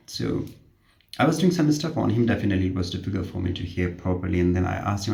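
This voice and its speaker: A man's voice: low voice, fairly quick, gravelly, darkish tone. A man who works in healthcare casually tells a self-deprecating story from his work in a conversational way. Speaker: healthcare worker. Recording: roomy echo.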